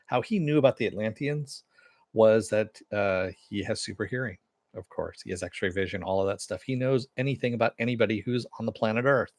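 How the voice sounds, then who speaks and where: Low-voiced man rambling through a review. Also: a little mellow, dry recording. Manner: rambling, many fillers, chuckles often. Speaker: TV show reviewer. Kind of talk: casual recap and review, reading chat comments.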